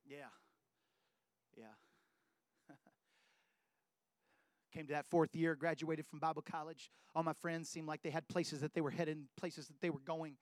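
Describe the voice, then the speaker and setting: High-voiced preacher telling his story. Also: little pitch movement, unhurried, pauses often, no echo, clean studio sound. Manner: storytelling, builds to loud emphatic preaching. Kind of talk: sermon testimony.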